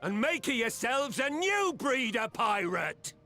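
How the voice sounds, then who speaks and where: Game casting: rousing old sea captain, bright gravelly bark, unhurried pirate drawl. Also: male voice, very animated, faint music behind, full character voice. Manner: rolling pirate speech, booming declarations. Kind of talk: game cutscene voice acting.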